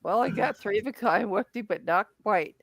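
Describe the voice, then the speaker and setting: A woman's voice: mid-range voice, moderate pace, no room sound. A woman hosting a casual chat while playing an online dice game, playfully cheering on the rolls. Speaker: host.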